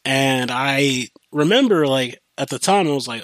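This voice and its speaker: A young man hosting a podcast, telling a rambling, profane story in a casual, animated way with many restarts. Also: medium pitch, moderate pace, no room sound. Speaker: podcast host.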